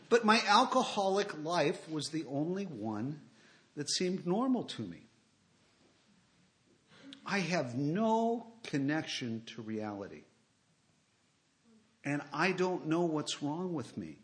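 A middle-aged man with a somewhat high-pitched voice tells his personal story to a listening crowd. He talks in a wry, self-mocking way, and his loudness swings widely from sentence to sentence. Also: big pitch swings, slow, pauses often. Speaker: speaker sharing his recovery story. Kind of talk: personal storytelling talk to an audience.

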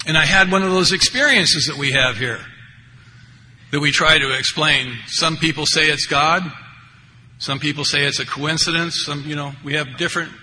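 With a fairly high pitch and a moderate pace, an older man delivers a wry, rambling recovery share loaded with asides. His tone is bright and forceful. He's at a recovery meeting in an echoey hall, with faint background noise.

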